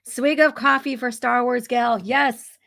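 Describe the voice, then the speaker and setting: A woman hosting a casual podcast, talking through a comic book and reading its dialogue aloud in slow, dramatic bursts, her voice slightly hoarse. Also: on the high side, fairly even intonation, fairly bright tone, no room sound, studio quality. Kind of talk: casual comic read-along chat.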